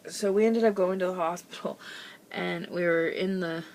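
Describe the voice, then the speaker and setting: A young woman vlogging, telling a family story in a lively casual way, laughing often and acting out the quoted voices. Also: fairly low pitch, moderate pace, slight background noise.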